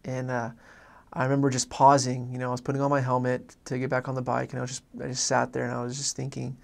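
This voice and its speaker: A man, a former missionary, telling an earnest faith story in a halting way with many restarts. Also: mid-range voice, monotone, gravelly. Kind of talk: personal faith testimony story.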